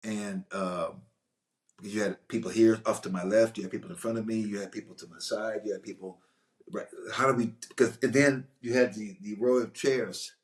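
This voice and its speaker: A man, an actor, telling stories from a film shoot in a casual, animated way, often restarting his sentences. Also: on the low side, normal speed. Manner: animated, rambling, frequent restarts. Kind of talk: casual anecdotal storytelling.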